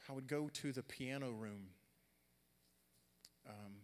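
Animated male preacher in a reverberant hall. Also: medium pitch, takes it slowly. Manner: animated, swings from loud storytelling to quiet earnest talk. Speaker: pastor. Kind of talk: sermon storytelling.

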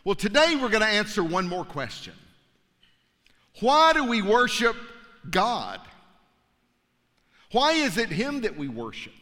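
A man preaching a sermon, telling a story with animated energy and stumbling repeats. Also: high voice, a little slow, pauses often. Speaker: pastor. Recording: long hall reverb.

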